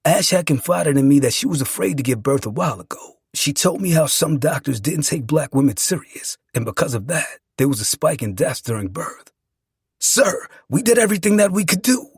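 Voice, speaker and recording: A man reads a dramatic first-person story, emotional and profane. His voice is husky and raspy and moves widely in pitch. It sits dry and close to the mic. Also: expressive, fairly quick, few pauses, no echo. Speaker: narrator.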